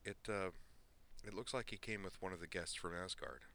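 A man's voice: sits low, normal speed, gravelly, pushed and bright, slight background noise, heavily acted. A man voicing an easygoing young woman who talks casually and breezily.

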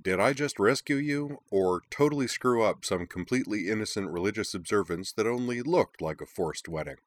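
A man's voice: lowish voice, lively intonation, normal speed, no room sound, lightly acted. A man voicing a cheerful, teasing young dragon who shifts into human form.

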